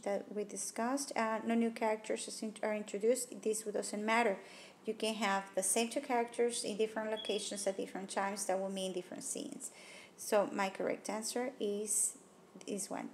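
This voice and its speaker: A woman teacher with a slightly high, darkish voice talks through test-prep questions, reasoning aloud about each answer choice and discarding them one at a time. Her tablet microphone carries a little hiss or hum.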